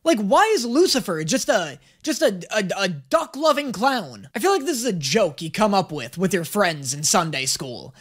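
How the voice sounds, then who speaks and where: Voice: mid-range voice, sing-song, husky. Sarcastic, swearing reaction host. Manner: sarcastic, profane, quick asides. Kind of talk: casual reaction commentary.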